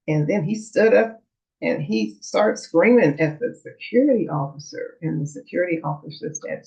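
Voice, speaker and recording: A middle-aged woman shares a personal story on her vlog. She talks in a chatty way with fillers, and her lowish voice swoops up and down with a lot of feeling. The recording sounds muffled and lo-fi. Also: expressive, unhurried, mellow. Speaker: vlogger. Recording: dull lo-fi recording.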